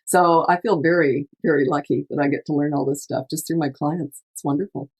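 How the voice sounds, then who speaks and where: A middle-aged woman coaching parents in a relaxed podcast chat. Her voice sits low for a woman, and she talks in an emphatic, chatty way, slipping into little acted-out lines. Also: brisk, husky. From Canada. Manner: chatty, emphatic, laughs often, acts out quotes. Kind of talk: casual advice chat.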